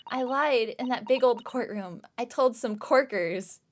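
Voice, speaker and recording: A woman's voice: a little high, unhurried, a little hiss or hum, lightly acted. A woman doing a blunt young Cockney girl. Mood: defiant. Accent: put-on Cockney. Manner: blunt street slang. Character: poor young Cockney girl from the slums, defiant. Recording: game music behind voice.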